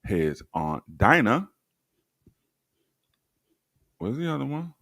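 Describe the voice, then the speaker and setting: A man's voice: medium pitch, sing-song, slow, vocal fry, a bit bright, dry recording, clean studio sound. A man hosting a livestream, reading old documents aloud and commenting sardonically, talking straight to his viewers. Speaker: livestream host.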